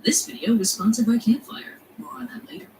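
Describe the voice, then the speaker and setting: A woman's voice: a little high, huge pitch swings, brisk. A woman narrating a scripted video essay in a wry, chatty way. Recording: distant mic, noisy background.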